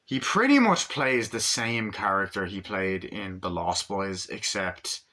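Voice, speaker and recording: A man with a low voice and a bright, forceful edge rambles through a film review. He swears casually and keeps breaking into impressions of the characters. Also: lively intonation, a little slow. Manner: rambling, swears often, acts out scenes in voices. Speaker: movie reviewer.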